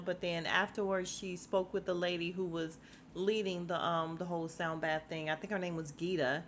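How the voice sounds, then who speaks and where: A woman's voice: fairly low pitch, steady tone, normal speed, a bit bright, slight background noise. A woman hosting a casual podcast recap of a reality show. She talks straight to her listeners, laughs often and speaks bluntly, with some swearing. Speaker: podcast host.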